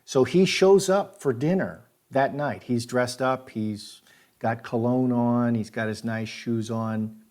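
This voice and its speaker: A man tells a story aloud in a loose, rambling way, circling back and restarting his sentences as he goes. His voice sits at an ordinary middle pitch, and his delivery is plain and conversational. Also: a little mellow. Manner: rambling, repetitive, halting restarts. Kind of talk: casual spoken recollection.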